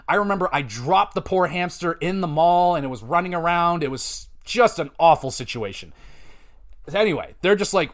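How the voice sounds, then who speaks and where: A man, hosting a podcast and telling rambling, profane, animated stories. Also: on the high side, normal speed. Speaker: podcast host. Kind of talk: casual storytelling.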